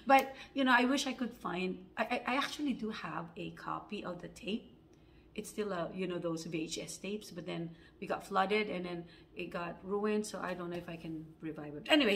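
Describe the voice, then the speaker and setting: A woman's voice: mid-range voice, a little hiss or hum. A woman telling stories to the camera for an audition, acting out the quotes, with lots of fillers. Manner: animated, acts out quotes with many fillers. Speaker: actor auditioning. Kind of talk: casual storytelling to camera.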